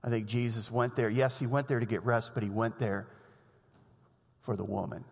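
A pastor preaching an animated sermon, often acting out the voices of the people he quotes. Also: moderate pace, creaky, husky, big-room sound. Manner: animated, acts out voices of people and Jesus, rising pitch when quoting.

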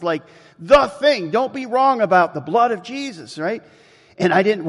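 A man preaching a sermon and telling a story with lively, animated delivery. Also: long reverb tail. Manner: animated storytelling, jumps in pitch. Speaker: pastor.

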